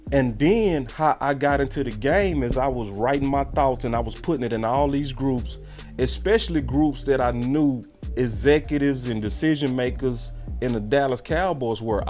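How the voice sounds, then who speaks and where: A man telling a story in a casual, animated way and acting out the voices of the people he quotes. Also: medium pitch. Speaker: sports show host.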